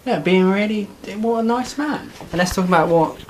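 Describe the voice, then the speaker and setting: A man's voice: high-pitched, normal speed, slight background noise, poor audio. A man chatting bluntly and sarcastically about wrestling, swearing freely. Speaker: wrestling podcast co-host. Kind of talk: casual chat.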